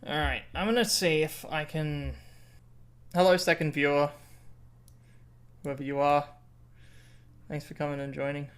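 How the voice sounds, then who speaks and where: A streamer playing a narrative game live, reading the game's text aloud in a low, subdued tone, then breaking into loud, swearing reactions and pleading with the game. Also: steady tone, a little slow, pauses often.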